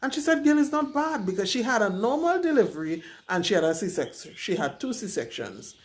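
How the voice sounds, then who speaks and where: A woman's voice: mid-range voice, lively intonation, a little fast. A young woman, candidly and dramatically retelling her own story to camera as a vlogger.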